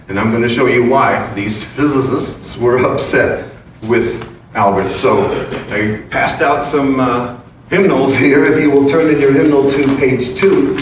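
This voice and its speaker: A man giving an informal spiritual talk to an audience, playful and chuckling as he explains his points. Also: mid-range voice. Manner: playful and chuckling, with casual asides. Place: large room with an audience. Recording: very echoey room, distant mic, background noise.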